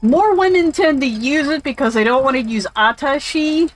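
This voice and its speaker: A woman's voice: sits high, moderate pace, poor audio. A woman casually commentating while playing a game, rambling and swearing freely. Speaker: let's play streamer.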